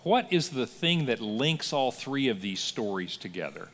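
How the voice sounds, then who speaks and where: A man preaching a sermon as pastor, telling stories with lively acted-out quotes in a church. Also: medium pitch, a little slow, in a large hall. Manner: animated storytelling with acted-out quotes. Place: church sanctuary.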